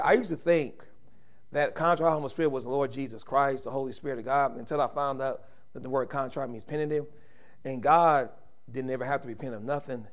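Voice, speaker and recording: A middle-aged man preaching a sermon, swinging from shouted emphasis to quiet, intimate speech, with informal Southern-style phrasing. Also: medium pitch.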